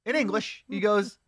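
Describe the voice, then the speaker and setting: A man's voice: high-pitched, fairly bright tone, no echo, clean studio sound. A man co-hosting a casual podcast, animatedly retelling a bad movie with frequent laughs and "uh" fillers. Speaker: podcast co-host. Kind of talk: casual movie-riffing chat.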